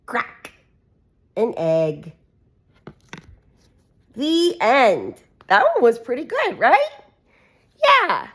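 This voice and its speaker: Woman reading a picture book for a toddler, very slow and sing-song, animal noises, lively pitch. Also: breathy edge. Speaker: reader for a child.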